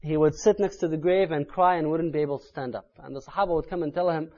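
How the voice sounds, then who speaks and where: A man delivering an Islamic sermon in an earnest tone that builds to loud, urgent emphasis. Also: a little high, steady tone, fast, lo-fi sound. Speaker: Islamic preacher.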